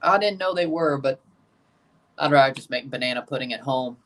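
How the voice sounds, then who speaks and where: A woman's voice: extremely low pitch, fairly quick, fairly bright tone, recorded from a distance. A woman hosting a live watchalong stream, chatting with opinions and reacting aloud to the plays as they happen. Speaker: livestream host.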